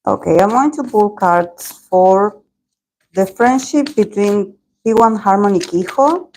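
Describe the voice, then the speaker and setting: A woman giving a tarot reading in a video, talking in a meandering, hedging way with many pauses. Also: mid-range voice, a little mellow, slight background noise, poor audio. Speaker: tarot reader.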